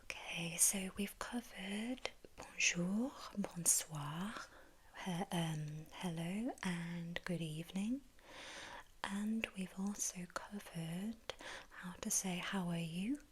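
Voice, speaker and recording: A woman with an English accent, teaching in a whispered role-play as a gentle language tutor who prompts the listener to repeat. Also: lowish voice, slow, a little hiss or hum.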